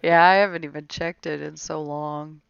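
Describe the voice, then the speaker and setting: A woman's voice: sits low, fairly even intonation, moderate pace, gravelly, clean tone, dry recording, lo-fi sound. A woman chatting casually late at night on a stream, laughing often between remarks. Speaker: stream guest.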